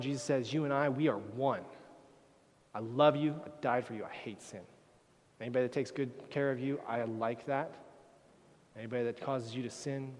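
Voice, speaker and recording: A man's voice: mid-range voice, a little hiss or hum. Impassioned preaching man in an echoing hall. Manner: swings from quiet to loud, impassioned preaching. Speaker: pastor. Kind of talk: sermon. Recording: long reverb of a large hall.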